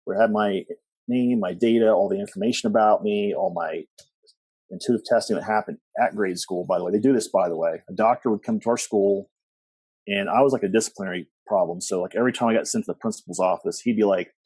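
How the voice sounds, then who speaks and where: Low-ish and breathy at the edges, this middle-aged man's voice moves at a quick pace with no room sound. He's a guest on a podcast, spinning a long personal story full of fillers and false starts. Whenever he quotes someone, he acts them out with animation.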